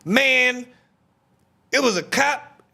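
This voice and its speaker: A man hosting a live stream, telling a story in an animated, profane way and often shouting. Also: extremely high pitch, very slow, gravelly. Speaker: streamer host. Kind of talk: casual live-stream commentary.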